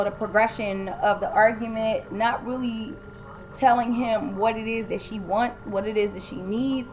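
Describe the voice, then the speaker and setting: A woman's voice: a little high, poor audio. Blunt, opinionated woman recapping TV. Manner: blunt, opinionated, acts out quoted lines. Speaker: TV recap vlogger. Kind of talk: casual recap commentary.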